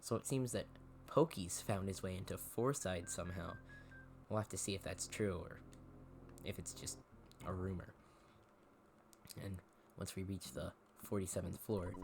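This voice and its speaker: A man's voice: deep voice, moderate pace, vocal fry, long pauses, noisy background. A man hosting a let's-play, chatting casually with wry asides as he plays. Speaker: gaming channel host. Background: game music.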